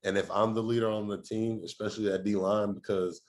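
A man's voice: lowish voice, little pitch movement, brisk, hardly any pauses. A man in his thirties, a former college football player, talking football in a casual chat with emphatic, repetitive, slangy delivery.

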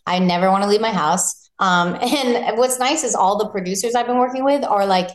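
A woman in her thirties, a singer-songwriter chatting casually in an interview, bubbly and animated, acting out quotes in high voices. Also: moderate pace. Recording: roomy echo.

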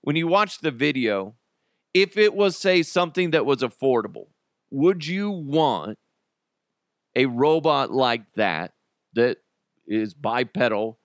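A man's voice: mid-range voice, big pitch swings, takes it slowly, long pauses, dry recording, clean studio sound. A man hosting a podcast in a casual comedic monologue, joking and often laughing. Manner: jokey, laughs often, restarts. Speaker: podcast host.

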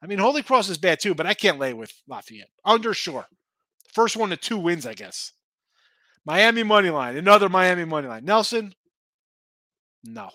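A man hosting a sports betting show, chatting casually and answering viewer comments in a rambling, excitable way. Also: high-pitched, moderate pace, pauses often, no echo. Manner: rambling, excitable, talks back to chat. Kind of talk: casual live-stream chat reading viewer comments.

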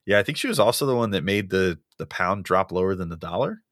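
A young man co-hosting a casual podcast chat, halting and full of ums and uhs, chuckling often. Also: low-pitched, lively intonation, fairly bright tone. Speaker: podcast co-host.

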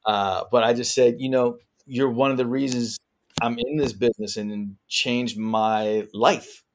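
A man in the middle of a relaxed podcast interview, spinning long anecdotes about his career. His voice sits at an ordinary pitch, and his stories wander, with plenty of "you know" and "uh" along the way. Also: unhurried. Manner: chatty, rambling anecdotes with frequent fillers. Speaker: actor guest. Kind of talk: casual interview storytelling.

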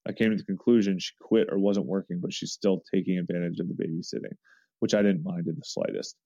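A low, mellow man's voice reads a first-person forum story aloud, earnest and often restarting mid-sentence. The sound is dry and close, with a dull, lo-fi tone. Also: fairly even intonation, quick pace, dry recording.

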